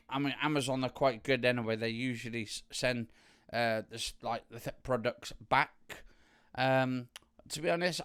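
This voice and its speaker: Man, casual vlog talk, rambling with fillers, crisp voice, dry close mic. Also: mid-range voice, fairly bright tone, dry recording. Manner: rambling with frequent fillers and restarts. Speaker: youtuber. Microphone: studio condenser microphone.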